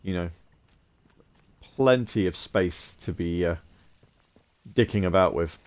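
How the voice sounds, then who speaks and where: A man's voice: deep voice, slow pace, a little mellow. A man giving chatty, wry commentary while playing a video game and thinking aloud. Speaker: gaming video creator. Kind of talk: let's play commentary.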